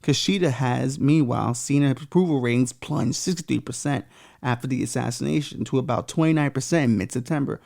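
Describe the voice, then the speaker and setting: Gravelly, warm-voiced man riffing casually. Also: mid-range voice, fairly quick. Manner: irreverent, joking asides with profanity; stumbles over unfamiliar names while reading. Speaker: podcast co-host. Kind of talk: casual podcast commentary reading news aloud.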